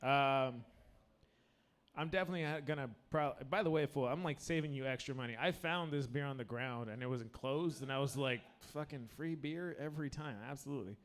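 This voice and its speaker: A man's voice: mid-range voice, brisk, fairly bright tone. A man doing a crude, rambling open-mic stand-up set on stage with a handheld mic, a little drunk, often cutting himself off mid-sentence. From United States. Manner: crude, rambling, self-interrupting. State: tipsy. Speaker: stand-up comedian.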